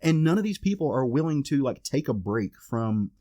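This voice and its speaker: Animated man recapping a comic. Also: mid-range voice, moderate pace, no echo, clean studio sound. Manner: animated retelling, acts out quoted characters. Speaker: podcast co-host. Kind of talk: casual chat recapping a comic.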